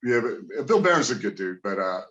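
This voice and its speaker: A man's voice: on the low side, sing-song, fairly quick, a bit bright. Profane, rambling ex-wrestler man, lo-fi. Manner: profane, rambling, lots of fillers. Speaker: guest, former pro wrestler. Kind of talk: casual storytelling interview. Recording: dull lo-fi sound.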